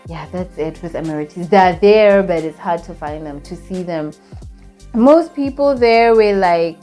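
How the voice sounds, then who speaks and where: A young woman from Botswana recapping a trip in a casual vlog, chatty and animated, with lots of fillers. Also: fairly low pitch, measured pace, faint music behind. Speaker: vlogger.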